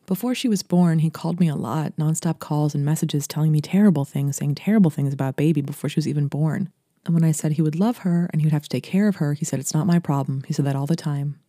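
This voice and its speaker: The sound here is a dry, close recording with no surrounding room. A woman from Brooklyn, New York, a writer and podcast host, reads a literary short story intimately and steadily, her deep, mellow voice moving briskly.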